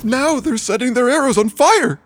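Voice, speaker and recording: A man's voice: low-pitched, expressive, moderate pace, darkish tone. An actor playing a nervous male clerk and bureaucrat who turns anxious and panicky in an audio drama. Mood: panicked. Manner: anxious, panicky when scared. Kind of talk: audio drama podcast acting.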